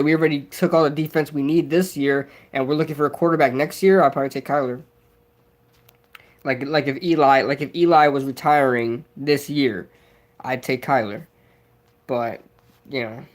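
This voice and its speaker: Young dude rambling on a livestream, reading chat and riffing, kinda high voice. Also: male voice. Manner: rambling, excitable, reads and answers chat. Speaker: livestream host. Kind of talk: casual live chat with viewers.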